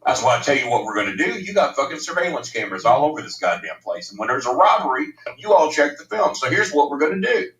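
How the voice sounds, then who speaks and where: Brash storyteller, profane and ranting, lively pitch, recorded from across a room. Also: male voice, fast talker, hardly any pauses, far from the mic. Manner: loud, ranting, profane, laughs often. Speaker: storyteller guest. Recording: roomy, from off mic.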